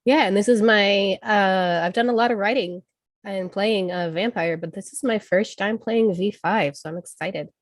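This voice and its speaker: A woman tabletop player and game master getting over a cold, introducing herself in a relaxed way. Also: medium pitch, moderate pace, no room sound, clean studio sound. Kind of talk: casual introduction chat.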